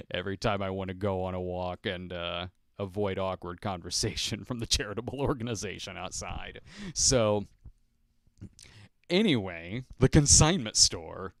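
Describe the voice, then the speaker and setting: A man's voice: sits low, expressive, measured pace, creaky, dry recording, clean studio sound. A man hosting a casual solo podcast, rambling and self-deprecating, chuckling often as he acts out little scenes. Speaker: podcast host.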